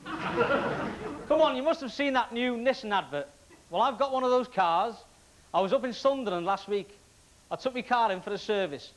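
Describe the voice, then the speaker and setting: A man's voice: very high voice, animated, normal speed, long pauses, a little hiss or hum, low-quality recording. A man from Wales performing a stand-up comedy routine with punchy joke delivery. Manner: punchy joke delivery, laughing along with the crowd. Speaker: comedian contestant.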